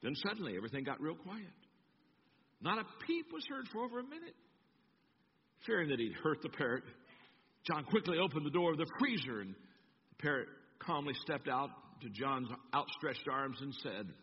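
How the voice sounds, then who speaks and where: High, animated preaching man. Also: moderate pace, slight background noise. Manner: animated storytelling, acting out voices. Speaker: pastor. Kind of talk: sermon with humorous stories. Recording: echoey church hall, dull sound.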